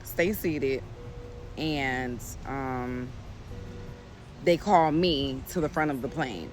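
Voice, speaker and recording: A woman, talking casually to her viewers about what happened to her, animated and indignant, calling them y'all. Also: rumbling low, slow, faint music behind. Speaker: vlogger. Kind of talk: casual storytime to camera. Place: outdoors.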